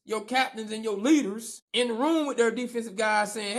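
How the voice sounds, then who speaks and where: A man co-hosting a sports podcast in casual chat, animated and emphatic, repeating phrases for effect. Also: very high-pitched, moderate pace, hardly any pauses. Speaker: podcast co-host.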